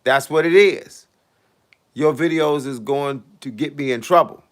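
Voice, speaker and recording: A man who coaches fitness and boxing, chatting casually on a live stream into a phone, animated and slangy, laughing often. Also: a little high, measured pace.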